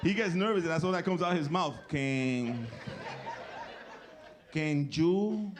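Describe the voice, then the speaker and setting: A man performing a stand-up set, telling animated stories and slipping into Spanish. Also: sits high, racing, background noise. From Puerto Rican family. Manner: animated storytelling, slips into Spanish. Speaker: stand-up comedian. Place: comedy club stage with live audience.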